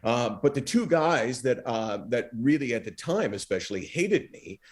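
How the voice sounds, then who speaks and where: A middle-aged man, a former talk show host, telling stories as a podcast guest and acting out the dialogue he quotes. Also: normal speed. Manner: animated storyteller, acts out quoted dialogue with big pitch swings. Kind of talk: storytelling interview talk.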